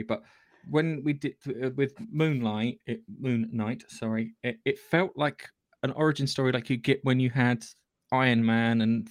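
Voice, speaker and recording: Man, podcast co-host, mid-pitched, dry close sound, blunt and sweary. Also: no echo. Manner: blunt, sweary, tags "yeah?". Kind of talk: casual chat review.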